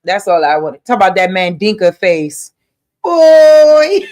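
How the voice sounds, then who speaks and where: Loud, bossy woman hosting a stream. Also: lowish voice, moderate pace. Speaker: livestream panel host. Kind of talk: casual livestream chat.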